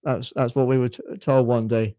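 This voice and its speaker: A man's voice: mid-range voice, flat delivery, moderate pace, warm tone, no echo. A British man in his fifties with a well-spoken accent, hosting a casual live chat and often stopping to repeat his words. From United Kingdom. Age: 50s. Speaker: livestream host.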